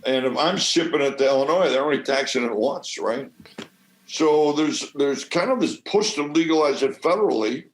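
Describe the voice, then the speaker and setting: A man from the American Midwest, a podcast guest who grows cannabis, telling stories in a swaggering, salty, animated way. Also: a little high, moderate pace, roomy sound, low-quality recording. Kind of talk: casual storytelling.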